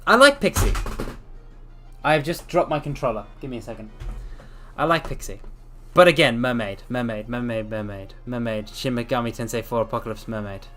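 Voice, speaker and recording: Breathless, a male VTuber rambles through casual livestream chat in a mid-range, fairly bright voice that runs a little fast. He keeps apologizing and saying things twice, and faint music plays underneath.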